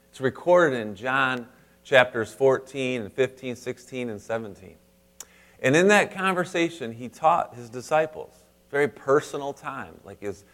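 A man preaches a sermon at an everyday middle pitch. He rises to loud, emphatic lines and then drops to soft, hushed asides. He keeps turning to the congregation with direct questions. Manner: speaks straight to the congregation with questions. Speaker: pastor.

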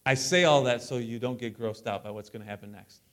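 A male pastor preaching a sermon in a church, animated and lively, breaking up the teaching with joking asides. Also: mid-range voice, fairly quick. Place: church sanctuary.

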